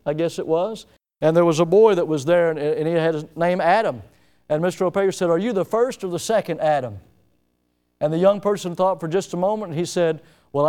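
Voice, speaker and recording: A man preaching a sermon as pastor, telling stories and acting out scenes with lively emphasis. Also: fairly high pitch, clean tone. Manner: storytelling preacher, animated, acts out scenes.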